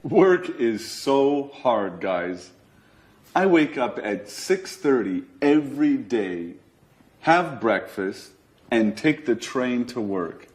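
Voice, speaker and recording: Worn out commuter dude, slow talker, voice goes up and down a lot. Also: male voice, medium pitch, very animated, a little mellow. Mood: tired. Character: adult man complaining about his early commute. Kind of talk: scripted scene for English learners.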